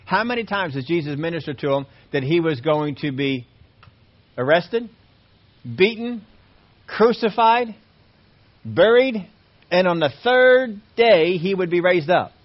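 A male pastor preaching in a fairly high voice, dropping low and quiet, then rising loud and insistent. The recording is dull and lo-fi. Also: lively intonation, measured pace, long pauses. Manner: preaching, swinging between hushed low tones and raised emphatic lines. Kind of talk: sermon.

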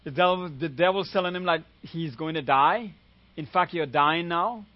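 High-voiced man preaching a sermon. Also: normal speed, dry recording, lo-fi sound. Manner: calls "amen?" often, retells a story with quoted voices. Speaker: guest preacher.

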